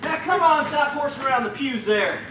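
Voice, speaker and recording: A woman's voice: sits high, animated, fairly quick. A woman playing a bumbling rural hillbilly husband with a folksy country drawl in an improv comedy scene on a theater stage. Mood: earnest. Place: theater stage with live audience. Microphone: stage mic from a distance. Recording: echoey stage from far off with audience noise.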